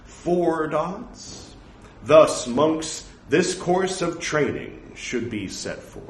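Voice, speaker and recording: A man reciting translated Buddhist scripture aloud, reading deliberately and speaking the quote marks and punctuation. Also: a little high, sing-song. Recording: echoey room with faint noise.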